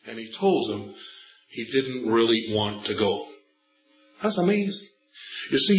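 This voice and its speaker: A middle-aged man preaching a sermon, telling a family story with animated delivery and slowing down to stretch out the scripture lines. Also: medium pitch. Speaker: pastor. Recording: echoey, slightly dull church recording.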